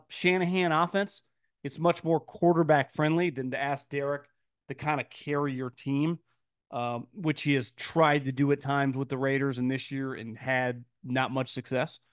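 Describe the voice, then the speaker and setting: A man's voice: fairly bright tone, smooth, no room sound, clean studio sound. A man hosting a podcast, answering listener mail in blunt, emphatic, opinionated casual commentary, often restarting words. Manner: blunt, emphatic, mocking quoted voices in a high pitch; frequent restarts and stammered repeats.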